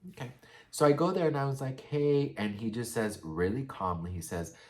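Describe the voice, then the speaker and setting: A man's voice: medium pitch, big pitch swings, brisk, darkish tone. A young man telling a personal story in a casual, profane, gossipy way, full of fillers and asides to his viewers. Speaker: storytime vlogger.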